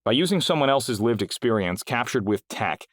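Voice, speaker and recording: A man voicing an eager, glib male market promoter pitching his services in an audiobook. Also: animated, normal speed, no echo, studio quality, close to an everyday voice. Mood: eager, salesy. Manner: eager, upbeat sales pitch. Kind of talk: audiobook character voice.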